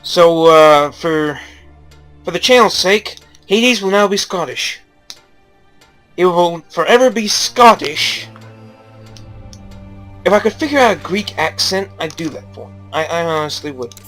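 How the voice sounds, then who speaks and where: A man's voice: high-pitched, lively intonation, unhurried, pauses often, a bit bright, soft background music. A young man giving casual, rambling game commentary, joking and swearing freely. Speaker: gaming YouTuber.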